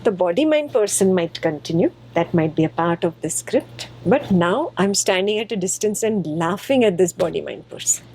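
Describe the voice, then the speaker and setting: A woman's voice: lowish voice, lively intonation, normal speed, few pauses, a little mellow, slight background noise, rough recording. A woman teaching a spiritual text to her students. She is patient and playful and repeats phrases for emphasis.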